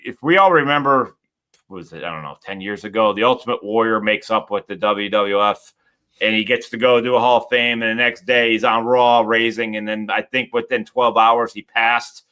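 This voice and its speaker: Bright-voiced rambling male host. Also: lowish voice, normal speed, clear, resonant tone. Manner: rambling, restarts sentences. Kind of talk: casual chat.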